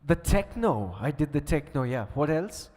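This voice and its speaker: Guy emceeing on stage, kinda high voice, joking w the crowd, big echoey hall. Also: very animated, moderate pace, a little mellow. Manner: playful, teasing, chatty with the crowd. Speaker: event host and emcee. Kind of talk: lively stage hosting with audience banter. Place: large conference hall stage. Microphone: handheld microphone. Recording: long hall reverb, faint music.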